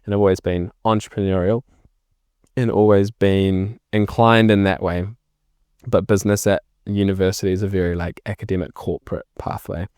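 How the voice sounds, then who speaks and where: A man's voice: low voice, normal speed, smooth, dry recording, clean studio sound. A young man with a New Zealand accent, a filmmaker telling his story in a casual podcast interview, acting out past conversations. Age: young adult. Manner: animated storyteller acting out remembered exchanges. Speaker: filmmaker guest.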